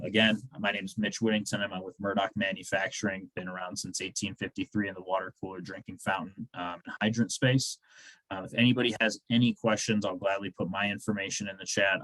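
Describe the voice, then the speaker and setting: A man's voice: deep voice, flat delivery, fast, a bit bright, no echo, poor audio. A man giving a product presentation in a webinar, talking conversationally with frequent fillers.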